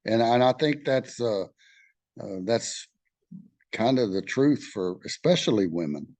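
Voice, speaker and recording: A middle-aged Texan man leading a study group, reading aloud and sharing his own experience in a candid, halting way, with many fillers and restarts. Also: mid-range voice, expressive, a little mellow, no echo. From Texas.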